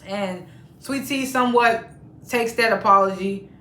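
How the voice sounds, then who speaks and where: Woman, casual reality TV recap, chatty, laughs a lot, mid pitch, echoey room. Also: unhurried, pushed and bright. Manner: chatty, laughs often while retelling scenes. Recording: roomy echo.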